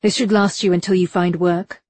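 A woman voicing a stern, urgent Victorian gentleman who talks in terse commands. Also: on the low side, fairly even intonation, normal speed, no echo, natural voice. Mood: commanding.

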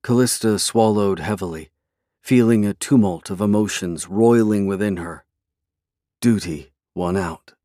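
A man narrating a fantasy novel in a measured, even storytelling way. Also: lowish voice, no room sound, studio quality. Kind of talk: scripted fantasy audiobook narration.

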